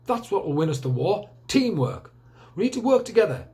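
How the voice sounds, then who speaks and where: A man's voice: high-pitched, big pitch swings, brisk, mellow, pitched above the performer's own voice. A man voicing an elderly grandfather who gives orders like a wartime officer. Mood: commanding. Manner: commanding, rallying, mock-military. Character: old man, bossy wartime commander type.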